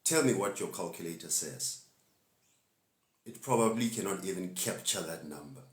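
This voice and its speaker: A man's voice: low-pitched, a little slow, echoey room. Laid-back man preaching casually. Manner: laid-back, preachy, laughs often, slangy asides. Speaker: spiritual teacher hosting a live stream. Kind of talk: casual live-stream talk to viewers.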